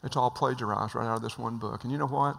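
A man's voice: medium pitch, fairly even intonation, quick pace, vocal fry, a bit bright. A man giving a sermon, telling jokes and acting out the voices of people in his stories. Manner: joke-telling, acts out voices, repeats phrases. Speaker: speaker at a church. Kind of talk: sermon with storytelling. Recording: hall reverb.

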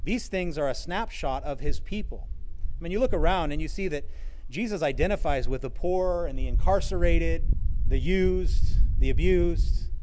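A man preaching an earnest sermon, his voice sitting a little higher than most men's. He leans into key phrases by getting louder, then drops back down, and now and then slips in a dry bit of humor. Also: slight background noise. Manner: earnest, varies loudness for emphasis, occasional wry humor. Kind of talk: sermon on scripture.

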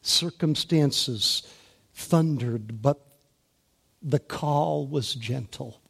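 A male preacher giving a sermon, moving between hushed, gentle passages and loud, rising emphasis, drawing out key words slowly. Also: medium pitch, vocal fry, husky. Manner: slow, deliberate delivery with drawn-out key words.

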